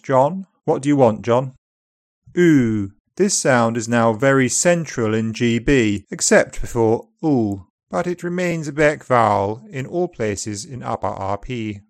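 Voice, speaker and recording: Male British accent coach, measured and exact, dry close recording. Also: mid-range voice, dry recording. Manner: slow, carefully articulated model phrases. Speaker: accent teacher. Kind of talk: scripted pronunciation lesson.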